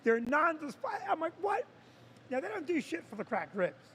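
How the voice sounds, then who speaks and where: A middle-aged man, a comedian, telling comic stories in a casual chat with an animated, exaggerated delivery. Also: very high voice, normal speed, a little hiss or hum. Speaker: comedian and co-host.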